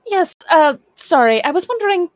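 A woman's voice: very high voice, big pitch swings, normal speed, no room sound, pitched above the performer's own voice. A woman voicing a courteous, apologetic red-haired human adventurer. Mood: polite.

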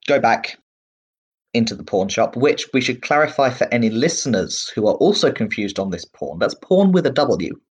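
A man narrating as game master in a relaxed, rambling way with many fillers. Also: mid-range voice, normal speed, slightly rough.

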